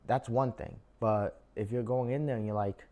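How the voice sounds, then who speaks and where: A young man speaks to camera in a mid-range, warm voice with fairly even intonation at a normal speed. He's casually handing out job interview advice to his viewers, chatty and loaded with "like" and "um," calling them guys.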